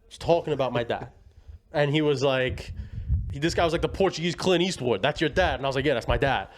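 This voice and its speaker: A man's voice: fairly high pitch, quick pace. A young man telling family stories in a rambling, slangy way, laughing as he goes. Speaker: guest. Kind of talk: casual storytelling.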